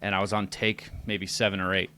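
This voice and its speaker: A man with a fairly low voice, chatting as a podcast guest. He talks loosely and easily, filling gaps with casual fillers. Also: level tone, brisk, bright, forceful tone, a little hiss or hum. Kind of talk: casual interview chat.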